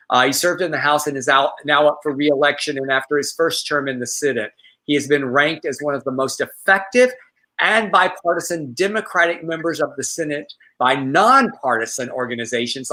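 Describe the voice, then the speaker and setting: A man's voice: fairly high pitch, pushed and bright, rough recording. A middle-aged man co-hosting a casual live talk show, telling a story in a rambling way with restarts. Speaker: co-host.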